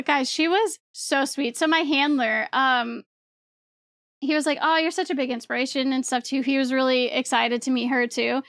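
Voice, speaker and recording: A young woman chats to her stream in a high, bright voice. She rambles, swears offhand and keeps breaking into laughter. The sound is close and dry, with no room echo at all. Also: normal speed. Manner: rambling, excitable, laughs often, swears casually. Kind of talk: casual storytelling to stream chat.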